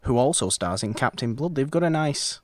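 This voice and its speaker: A man's voice: mid-range voice, expressive, brisk, no room sound. A man co-hosting a podcast about films, chatting casually in a rambling, wry way with many self-corrections. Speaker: podcast co-host. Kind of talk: casual film chat.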